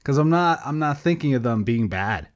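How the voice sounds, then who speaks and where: A man's voice: medium pitch, expressive, normal speed. A sleep-deprived man co-hosting a podcast by himself, rambling casually, losing his thread and laughing at himself. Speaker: podcast co-host.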